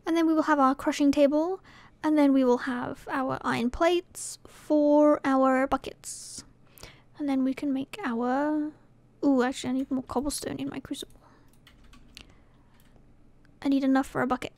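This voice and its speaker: A woman's voice: sits high, steady tone, moderate pace, darkish tone, no echo. A woman from Scotland commentating her gameplay casually, muttering to herself and often dropping to a whisper. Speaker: gaming channel host.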